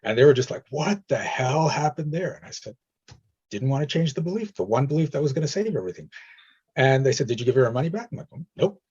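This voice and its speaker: A man's voice: mid-range voice, animated, very fast, darkish tone, slightly rough, lo-fi sound. A man leading a coaching session, talking directly and reassuringly and acting out stories in quoted voices. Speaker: energy healing coach.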